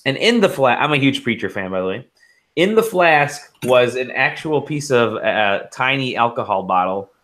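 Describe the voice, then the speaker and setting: A man's voice: medium pitch, sing-song, moderate pace, a bit bright. A man co-hosting a casual podcast, rambling through stories with swearing and laughter. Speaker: podcast co-host.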